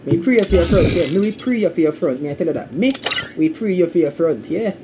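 A man with a Jamaican accent live-streaming to his viewers, repeating catchphrases and breaking into sudden high, loud outbursts. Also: expressive, fairly quick, over music. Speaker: game streamer.

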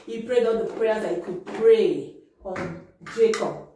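A woman tells a Bible story to children, lively and often stopping to check they follow. Her voice comes from a distance in a very echoey room, with steady noise behind it. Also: mid-range voice, measured pace.

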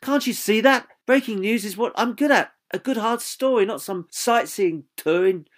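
A woman's voice: fairly low pitch, animated, fairly quick, pitched above the performer's own voice. A man voicing a strong-willed woman reporter who argues in a firm tone, in an audiobook. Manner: firm, argumentative.

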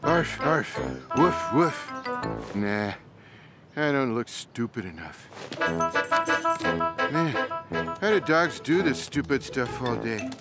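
An actor voicing a sarcastic, lazy male cartoon cat in a dry, slow drawl. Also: medium pitch, animated. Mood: sardonic. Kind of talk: cartoon voice acting. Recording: loud cartoon music behind.

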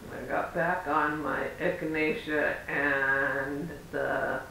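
A man talks to his camera in a loose, rambling vlog style, replaying conversations as he goes. His voice sits high for a man, and he is recorded from a distance in a very echoey room with a faint rumble behind him. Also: flat delivery, slow pace, creaky, sharp tone. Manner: chatty, rambling, acts out quoted exchanges. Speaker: parent vlogger. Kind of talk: casual vlog storytelling. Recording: roomy echo, far from mic, faint rumble.

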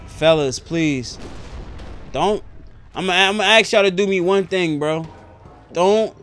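A man's voice: sits high, expressive, unhurried, fairly bright tone, slight background noise. A young man with a New York accent, chatting brashly and profanely while streaming a roleplay game. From New York area and New Jersey. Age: young adult. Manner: brash, profane, streetwise banter. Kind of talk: live-streamed roleplay chat.

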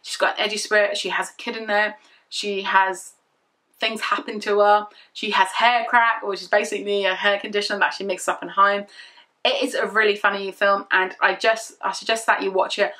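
A woman's voice: mid-range voice, little pitch movement, moderate pace, pushed and bright. A young woman chatting casually through a product review, rambling and repeating herself as she gushes. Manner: rambling, repetitive and gushing. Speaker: beauty vlogger.

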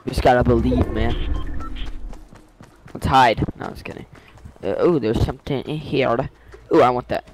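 A man's voice: medium pitch, moderate pace, long pauses, a little mellow, a little hiss or hum, rough recording. A man gaming with friends over voice chat, full of joking, teasing banter. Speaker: gamer. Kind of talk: casual voice chat while gaming.

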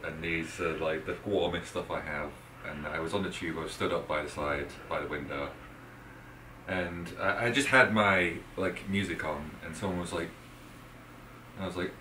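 A man telling a story in a soft, hesitant way, heard from a distance. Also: sits low, moderate pace. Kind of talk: casual storytelling. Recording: distant roomy mic with background noise.

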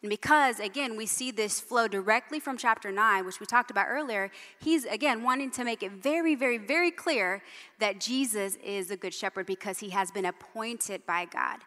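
A woman's voice: medium pitch, normal speed, bright, forceful tone. A middle-aged woman preaching a sermon, telling personal stories in a conversational way with frequent "right?" asides. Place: church hall. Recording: long church hall reverb.

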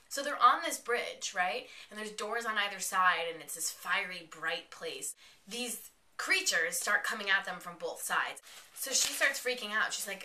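A young woman hosting a casual podcast, excitedly recapping a TV episode and quoting the characters in quick bursts, with some swearing. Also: mid-range voice. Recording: echoey room.

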